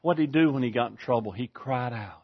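A man preaching a sermon, swinging from hushed, slow scripture reading up to loud, shouted preaching. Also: mid-range voice, breathy edge. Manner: reads scripture slowly and deliberately. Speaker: pastor. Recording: dull lo-fi sound.

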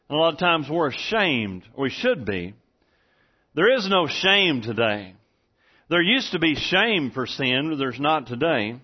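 In a church room with a congregation, a man preaches a sermon in an earnest, repetitive way, often restarting his sentences. His high-pitched voice has big pitch swings and an unhurried pace, captured in a dull lo-fi sermon recording.

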